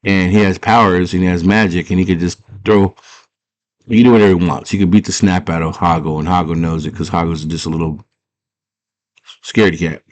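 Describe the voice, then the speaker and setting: A man's voice: sits low, steady tone, brisk, no room sound. A man casually retelling a movie plot, rambling and full of filler words. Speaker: storyteller.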